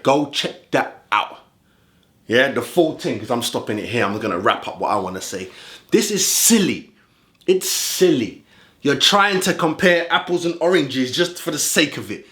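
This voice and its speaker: A man's voice: medium pitch, fairly bright tone. A man giving heated reaction commentary as a football fan vlogger, ranting in street slang. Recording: roomy echo.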